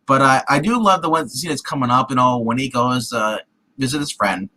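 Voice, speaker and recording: A man's voice: medium pitch, fairly quick, rough recording. A man co-hosting a film review show, rambling through the plot in casual chat. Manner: rambling, acts out scenes in lively put-on voices.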